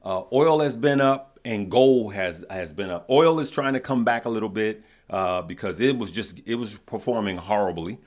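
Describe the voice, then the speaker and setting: A man's voice: fairly low pitch, lively intonation, normal speed, few pauses. A man from Chicago hosting a casual stock market livestream, chatty and repetitive, greeting viewers as he talks. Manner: chatty, repeats himself, greets viewers mid-thought.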